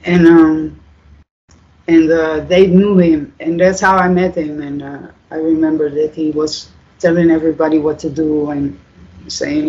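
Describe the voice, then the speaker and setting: A guest from the Netherlands, telling stories in a casual, halting way, full of fillers and swearing. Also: mid-range voice, fairly even intonation, mellow, highs cut off. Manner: rambling, halting, many fillers, swears freely. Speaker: interview guest. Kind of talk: casual storytelling.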